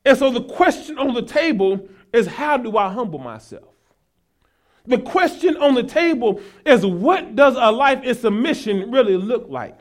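Male pastor, very high voice, folksy sermon building to shouts. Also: very animated, moderate pace. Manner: builds from casual asides to shouted preaching; folksy, talks to the congregation as y'all.

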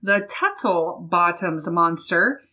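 A woman's voice: on the low side, expressive, sharp tone. A woman co-hosting a podcast, reading a news article aloud and laughing with her co-hosts. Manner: reads aloud slowly, breaks into laughter. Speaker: co-host reading a news story. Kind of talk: casual podcast banter.

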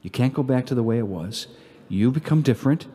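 A man, a priest, giving an earnest homily at Mass that swings between emphatic peaks and hushed prayer. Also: mid-range voice, lively intonation, fairly quick. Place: church. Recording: long church reverb.

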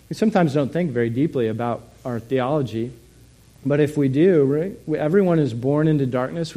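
A man's voice: on the high side, mellow. A man preaching a sermon in a conversational way, often asking his listeners questions. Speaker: pastor.

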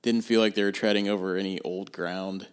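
Calm, analytical man with a lowish voice. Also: clean tone. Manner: measured, analytical, steers the discussion. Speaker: film podcast co-host. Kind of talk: casual film review chat.

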